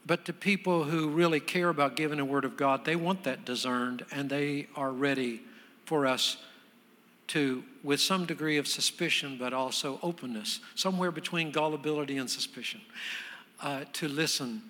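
A man preaching as a guest pastor, telling a story in a conversational way that builds into loud, emphatic preaching. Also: on the high side, normal speed, big-room sound. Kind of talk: sermon storytelling.

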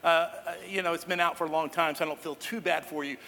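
A man preaching to his congregation as pastor, talking in a relaxed way with joking asides to the crowd, recorded in a church hall. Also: fairly high pitch, fast, creaky. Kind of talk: sermon. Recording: long hall reverb.

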